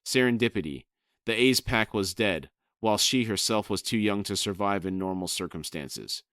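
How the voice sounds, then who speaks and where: A man co-hosting a book podcast, reading a novel aloud in a measured way and discussing it. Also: lowish voice, fairly bright tone, no room sound, clean studio sound. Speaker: podcast co-host and reader.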